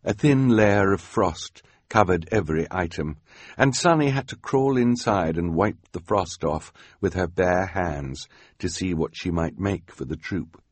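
A man narrates an audiobook in a dry studio voice-over, reading scripted text in a wry, dry storytelling style. His voice is low-pitched and expressive, and he takes his time.

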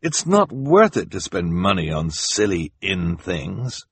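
A man voicing a mild, gentle, reluctant middle-aged gentleman who dislikes arguing. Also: low-pitched, sing-song, takes it slowly, husky, no echo, exaggerated voice.

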